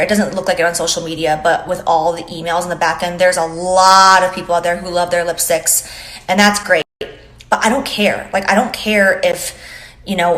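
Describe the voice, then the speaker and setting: A woman's voice: on the low side, a bit bright, reverberant. A woman founder of a beauty brand making an emotional, earnest apology on her phone, rambling with lots of "like", close to tears. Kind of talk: apology video on social media. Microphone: phone held to face.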